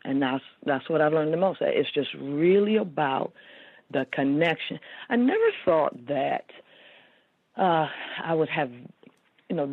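A woman's voice: sits low, dry recording. A woman author speaking as a guest in a casual interview, talking earnestly with many fillers. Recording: tinny phone-line audio.

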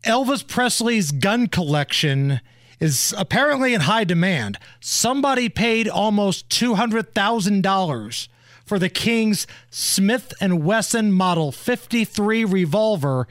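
Teasing talk-radio host, high voice. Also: male voice, big pitch swings, measured pace, a bit bright, dry recording, clean studio sound. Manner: teasing, wisecracking. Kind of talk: casual talk-radio banter. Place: radio studio.

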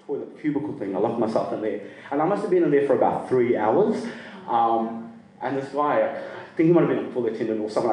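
Laughing man telling a story, roomy sound. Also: medium pitch. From Sri Lanka. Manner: lively, laughing, self-mocking. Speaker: storyteller at a live event. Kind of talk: personal storytelling to a live audience. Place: performance venue. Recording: roomy sound from a distant mic.

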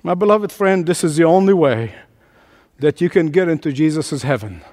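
A man's voice: on the high side, moderate pace, a little mellow, in a large hall, slight background noise. A man preaching a sermon as pastor, emphatic and repeating his phrases for force.

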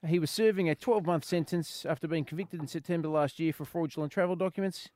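A male radio co-host riffs through comedy banter and slips into mock voices for the people he jokes about. His voice sits a bit high, and the sound is dry and close. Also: fast talker, hardly any pauses, darkish tone, dry recording.

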